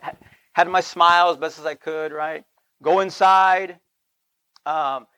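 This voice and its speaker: A man with a fairly high voice preaches to his listeners, spinning a personal story with bursts of laughter. The sound is close and dry, with no room around it. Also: no echo. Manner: animated storytelling with laughs and frequent "right?".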